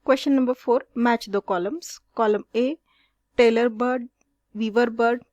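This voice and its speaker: Reading out each question of a school exercise followed by its answer, a woman teacher speaks slowly in a somewhat high, darkish voice with fairly even intonation. The lo-fi recording is dry and close-miked, with no room sound.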